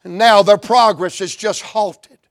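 A man with a Southern US accent preaching a fervent revival sermon in a church, moving from hushed talk to shouts. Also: high voice, fairly even intonation, a little slow, gravelly, no room sound, clean studio sound.

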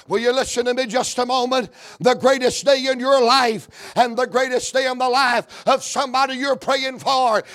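A man with a Southern US accent preaching a fervent revival sermon in a church, moving from hushed talk to shouts. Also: extremely high pitch, steady tone, normal speed, no echo.

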